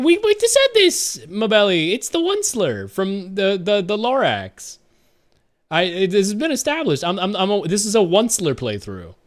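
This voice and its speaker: A young man streaming live and chatting casually while gaming, rambling with stammered repeats and frequent giggles. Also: sits high.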